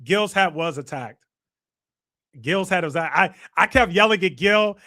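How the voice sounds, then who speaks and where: A young livestream host from Chicago playfully roasts his viewers while going through their comments. His high voice is bright and forceful, with lively intonation at a measured pace.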